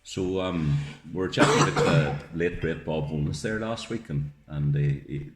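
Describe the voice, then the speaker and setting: Deep-voiced man, dry wit. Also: moderate pace. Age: middle-aged. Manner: dry quips and short interjections. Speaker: podcast co-host. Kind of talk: casual chat. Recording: echoey room with faint noise.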